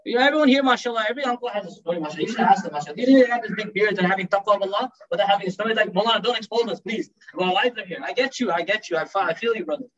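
Fast-talking high-voiced male preacher. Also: animated, fairly bright tone, muffled recording. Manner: conversational, addresses the audience as brother. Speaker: Muslim preacher. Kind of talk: sermon.

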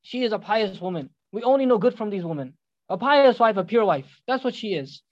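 A man's voice: sits high, expressive, brisk, highs cut off. A man voicing a loyal young companion who reassures the Prophet. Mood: reassuring.

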